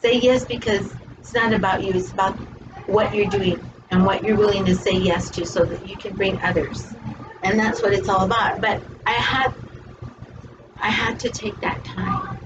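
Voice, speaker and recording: A woman shares her faith story in a casual, heartfelt way, leaning on "you know" and "like" as she goes. She sounds set back from the mic, and the sound is dull and muffled. A steady noise runs underneath her voice. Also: medium pitch. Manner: emotional, storytelling, many fillers like "you know" and "like". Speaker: host. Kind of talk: casual faith talk, personal testimony. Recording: distant, muffled, noisy.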